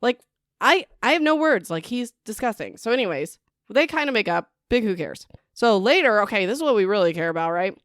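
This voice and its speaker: Young woman, book podcast host; chatty recap style, smooth clear voice, dry close sound. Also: mid-range voice, brisk, dry recording. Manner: chatty, lots of "like" and "whatever", excitable asides.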